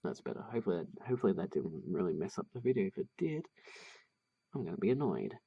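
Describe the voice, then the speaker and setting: A man's voice: low-pitched, sing-song, quick pace, vocal fry, breathy edge, phone-quality sound. A man narrating a drawing tutorial casually, thinking aloud with many fillers and restarts. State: has the hiccups.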